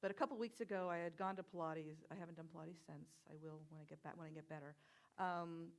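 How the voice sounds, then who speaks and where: A woman minister giving a conversational sermon, telling personal stories with soft whispered asides. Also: deep voice, steady tone, quick pace. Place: church sanctuary.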